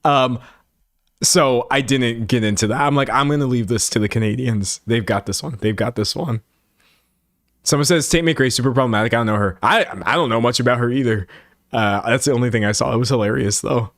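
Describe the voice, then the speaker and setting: A man's voice: medium pitch, brisk, no echo. Young male streamer from Texas, casual chat with comments, plays up quotes, dry close sound. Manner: animated, mock-dramatic voices for quoted comments. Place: home room with a set backdrop.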